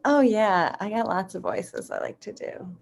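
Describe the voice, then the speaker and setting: A woman chatting on a casual group video call, giggly and animated. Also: medium pitch, normal speed, vocal fry, background noise. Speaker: improv performer.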